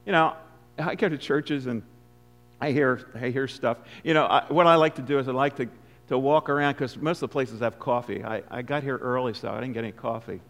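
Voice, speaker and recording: A man's voice: medium pitch, fairly quick, fairly bright tone. Older male guest preacher, reverberant hall. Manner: conversational preaching, rising to emphatic stresses. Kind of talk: sermon. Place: church sanctuary.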